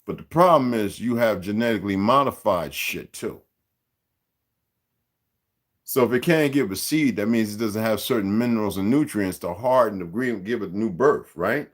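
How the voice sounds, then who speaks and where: A man's voice: on the low side, expressive, moderate pace. A man in his sixties hosting a livestream, speaking in a rambling, profane, streetwise rant aimed straight at his viewers and chat. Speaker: livestream host.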